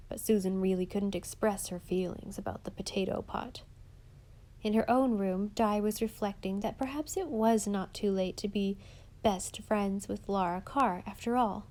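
A woman reads a classic story aloud with expressive, measured narration. Her voice sits at a middle pitch, steady and clear. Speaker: audiobook narrator.

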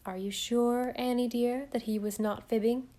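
A woman's voice: a little high, steady tone, normal speed, dark tone, close to an everyday voice. A woman reading as a prying, disapproving old aunt. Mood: reproachful. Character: fussy, prying older aunt, disapproving and self-pitying.

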